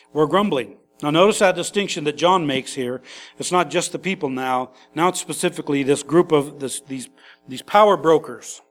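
A man preaching an expository sermon in a conversational, animated way, acting out quotes and adding quick asides. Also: a little high. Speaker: pastor.

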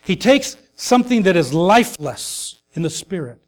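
A man preaching a sermon, earnest and grieving his mother, pausing with fillers and rising to emphatic calls. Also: high voice, very animated. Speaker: pastor.

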